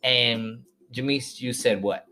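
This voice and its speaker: A man's voice: medium pitch, fairly even intonation, takes it slowly, sharp tone, soft background music. A man hosting a podcast, telling a personal story to listeners and acting out the voices of people in it. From northern United States. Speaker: podcast host.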